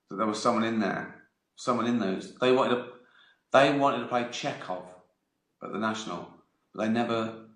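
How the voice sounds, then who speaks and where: A man's voice: medium pitch, fairly bright tone. A man in his fifties hosting his own live stream, telling rambling anecdotes with frequent laughs and free swearing. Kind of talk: casual storytelling chat. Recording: roomy echo.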